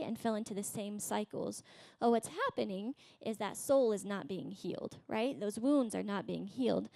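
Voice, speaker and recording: A woman in her thirties preaching a sermon in a conversational way, tagging her points with a quick "right?" and acting out quoted voices. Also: creaky, mellow, no room sound. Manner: acts out voices in quotes, rising high. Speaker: pastor.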